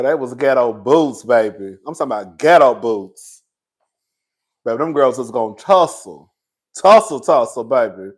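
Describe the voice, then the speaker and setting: A man doing animated, profane reality-TV gossip commentary, sassy, laughing often and shouting out loud impressions, a little tipsy. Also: a little high. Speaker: commentary host.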